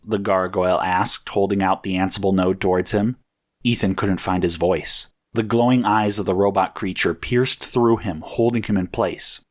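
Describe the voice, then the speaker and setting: A man narrates a story with a measured, even delivery. His voice sits a little low and he keeps a steady storytelling pace. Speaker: audiobook narrator.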